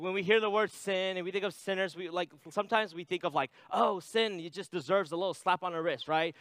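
A man's voice: fairly high pitch, a bit bright, clear, resonant tone, dry recording. A man preaching a sermon in a conversational way, reading scripture aloud and adding "right?" asides. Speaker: pastor.

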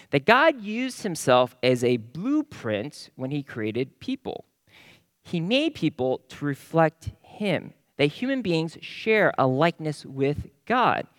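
An animated male preacher delivering a sermon, his pitch rising and falling widely as he stresses each point. His voice sits a little high for a man, and the recording is close and dry with no room sound. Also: no room sound. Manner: animated, emphatic, repeats phrases in lists.

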